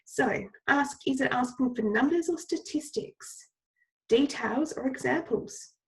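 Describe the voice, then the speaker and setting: Teacher lady with a cold, kinda high voice, patient, walks through each step and repeats it, classroom. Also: measured pace, poor audio. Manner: patient, instructive, repeats key steps. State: has a cold, coughing. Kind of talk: recorded lesson instructions.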